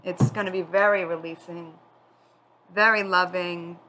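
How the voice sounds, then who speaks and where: A woman giving a spiritual tarot reading, tearful and crying as she talks in a candid, halting, confiding way. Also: fairly low pitch, fairly even intonation, sharp tone, a little hiss or hum, low-quality recording. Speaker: tarot reader.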